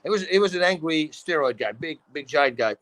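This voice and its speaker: A middle-aged man with a Dutch accent, telling animated stories in a casual talk show. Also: a little high, fairly quick, slight background noise, poor audio. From Netherlands. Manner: animated storytelling, acts out quotes, laughs often. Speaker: guest. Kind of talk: casual storytelling.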